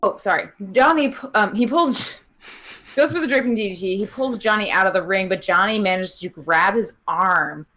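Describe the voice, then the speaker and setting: A young woman with a mid-range, sharp-toned voice speaks at a moderate pace. Co-hosting a podcast, she chats casually about a wrestling match, with many fillers and laughs.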